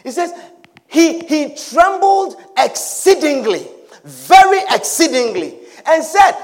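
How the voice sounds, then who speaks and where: A male preacher giving a dramatic sermon, repeating phrases and often shouting. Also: extremely high pitch, sing-song, takes it slowly.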